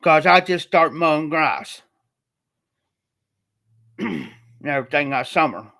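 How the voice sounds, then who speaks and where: A man from Ohio rambles through a personal story on his livestream, repeating himself in a loose, colloquial style. His voice sits a little high for a man. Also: takes it slowly, creaky, sharp tone. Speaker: livestream host.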